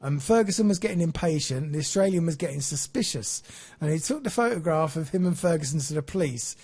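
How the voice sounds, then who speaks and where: A man's voice: fairly high pitch, lively intonation, fast talker, warm tone, slightly rough. A man hosting a podcast, telling a story in a chatty way and laughing at his own jokes.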